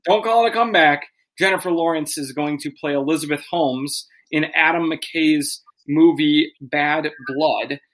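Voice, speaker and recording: A man's voice: fairly high pitch, unhurried, hardly any pauses, a bit bright, rough recording. A man hosting a podcast, joking around and leading the segments in casual chat. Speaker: podcast host.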